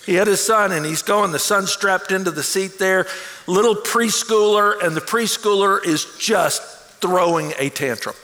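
Bright, high-voiced preaching man. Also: moderate pace. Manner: energetic, stammering restarts. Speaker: pastor. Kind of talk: sermon. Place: large church auditorium. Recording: long hall reverb.

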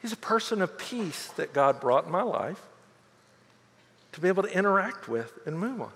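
Animated high-voiced male pastor preaching. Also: normal speed, vocal fry, big-room sound, slight background noise. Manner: animated storytelling with quoted voices. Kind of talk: sermon.

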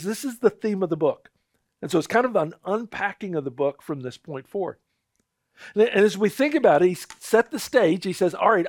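A man with a fairly high voice preaches in a relaxed, conversational sermon style. He slips into quoted voices to make his points. The sound is dry and close. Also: dry recording. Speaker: pastor.

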